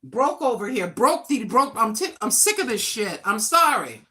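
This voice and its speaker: A woman in her sixties with a fairly high, bright, forceful voice talks straight to her livestream viewers. She vents bluntly and with frustration, swearing freely as she goes. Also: very animated, normal speed. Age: 60s. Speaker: livestream host. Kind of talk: casual livestream venting.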